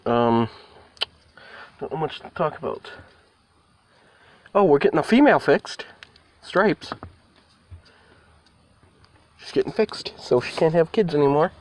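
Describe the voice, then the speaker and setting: A man's voice: on the high side, lively intonation, unhurried, pauses often, a little mellow. A man giving a casual vlog update, rambling and talking to his cats, with the odd mild swear word. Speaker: vlogger. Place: indoors near a door, partly outside.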